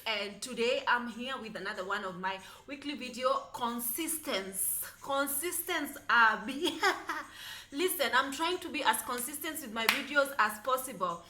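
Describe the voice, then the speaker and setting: A woman talking in a casual, chatty vlog, sassy and animated, full of fillers, English not her first language, filming herself with a phone. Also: fairly high pitch, moderate pace. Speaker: vlogger. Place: apartment in the United Arab Emirates. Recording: echoey room, faint music.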